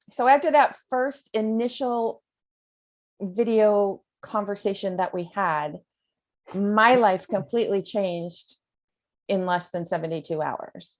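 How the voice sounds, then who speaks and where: An American woman coach talks earnestly over a video call. She rambles at times, with many fillers, in a mid-pitched voice. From United States. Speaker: spiritual coach, host. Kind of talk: spiritual talk on a video call.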